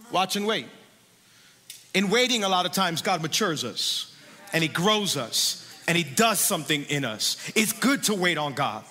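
Bright, high-voiced preaching man. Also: normal speed. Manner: animated, conversational, with rising sung emphasis. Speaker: pastor. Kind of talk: sermon. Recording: echoey hall.

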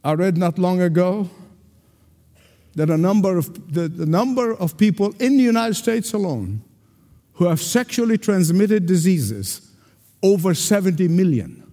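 A male pastor preaching a sermon with emphatic delivery and dramatic pauses. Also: sits high, lively intonation, mellow. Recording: long hall reverb.

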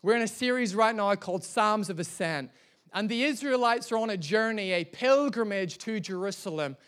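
High-voiced man preaching. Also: normal speed. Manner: lively, humorous storyteller. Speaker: pastor. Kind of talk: sermon with personal storytelling.

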